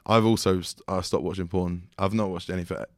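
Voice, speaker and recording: A young man speaks frankly on a podcast, rushing through his points in a deep voice. He restarts phrases as he explains, and the sound is dry and close. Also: steady tone, no room sound. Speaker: podcast co-host. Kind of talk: casual chat.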